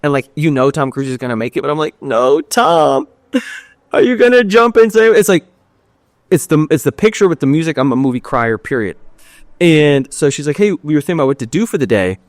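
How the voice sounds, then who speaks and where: A man's voice: medium pitch, lively intonation, fast talker, darkish tone, dry recording, studio quality. A young man hosting a podcast, telling a personal story in a candid, rambling way, full of "like" and casual swearing. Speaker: podcast host.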